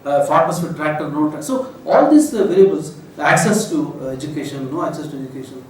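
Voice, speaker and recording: A man's voice: on the high side, quick pace. A man in his seventies with an Indian English accent, giving a rambling, emotional lecture full of fillers. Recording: roomy echo, voice from a distance, faint noise.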